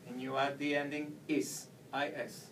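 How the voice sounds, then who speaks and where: A man teaches Spanish verb endings at a whiteboard, walking through each step patiently. He sounds set back from the camera mic, with a faint hum of room noise behind him. His pitch sits in an ordinary middle range. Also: level tone, measured pace, fairly bright tone, far from the mic, rough recording. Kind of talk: whiteboard language lesson.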